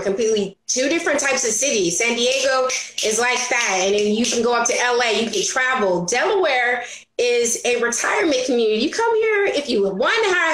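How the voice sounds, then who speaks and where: Animated high-voiced woman, roomy sound. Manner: animated, acts out her own and others' quotes with laughs. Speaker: entrepreneur guest on a business talk show. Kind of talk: casual interview chat. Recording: roomy echo.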